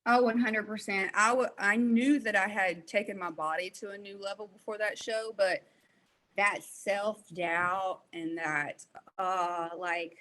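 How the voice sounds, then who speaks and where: A woman's voice: medium pitch, unhurried, poor audio. A woman in her late thirties, a fitness competitor, speaking openly as a guest in a casual podcast interview. She talks with animation and laughs often. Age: 30s. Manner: candid and animated, laughs often, many fillers.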